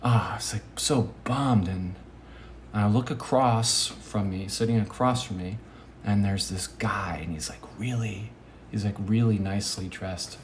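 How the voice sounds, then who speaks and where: A man's voice: on the low side, unhurried, a little hiss or hum. A man giving a rambling casual monologue, hesitant with many fillers, often dropping to a near-whisper. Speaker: vlogger.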